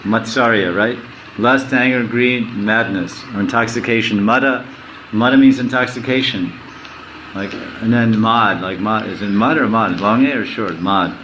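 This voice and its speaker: A man teaching a sermon, quizzing his listeners and reciting verses slowly. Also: on the low side, fairly bright tone, slight background noise, poor audio. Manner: asks the audience questions, slowly recites verses. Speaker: spiritual teacher.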